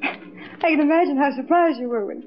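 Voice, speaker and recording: A woman's voice: sits high, moderate pace, natural voice. An actress playing a scheming young woman in a 1940s radio drama, cooing and sweetly sly. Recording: dull old radio broadcast with faint hiss.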